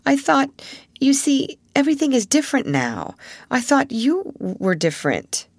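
A woman voicing a proud, thoughtful young schoolgirl who speaks in an earnest, measured way, reading a classic novel aloud. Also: high-pitched, very animated, slightly rough, dry recording, studio quality, voice pushed up, full character voice.

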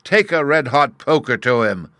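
A man voicing a childish, cruel scheming noblewoman who talks in shrill, excited gushes. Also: normal speed, dry recording, studio quality.

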